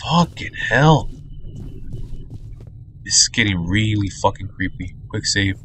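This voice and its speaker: A man's voice: deep voice, little pitch movement, normal speed, fairly bright tone, a little hiss or hum. A man doing let's play commentary on a horror shooter, jumpy, cursing often and muttering nervously. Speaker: gamer playing a horror shooter.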